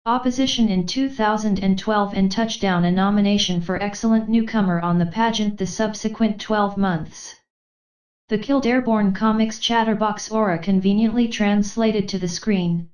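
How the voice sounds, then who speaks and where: A synthetic woman's voice reading an interview article aloud, questions and answers alike, in a steady, mechanical way. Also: mid-range voice. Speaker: text-to-speech reader. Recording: roomy, slightly dull sound.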